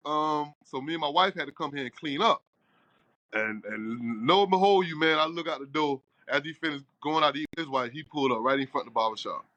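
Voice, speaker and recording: Animated storytelling barber with a bright voice. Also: male voice, on the high side, fast, no room sound. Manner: animated storyteller, acts out quoted dialogue. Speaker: barbershop owner. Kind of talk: casual storytelling interview.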